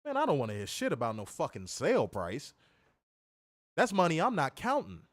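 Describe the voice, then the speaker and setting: A man's voice: a little high, huge pitch swings, normal speed, dry recording, clean studio sound. A man hosting a wrestling review stream, ranting in a profane, mocking, emphatic way. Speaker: wrestling show host. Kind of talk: casual profane rant on a livestream.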